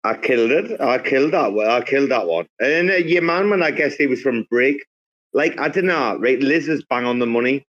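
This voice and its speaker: A man's voice: mid-range voice, animated, a little fast, fairly bright tone, lo-fi sound. A man from England hosting a casual group chat, rambling with lots of fillers and restarts. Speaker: host. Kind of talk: casual group chat on a live audio space.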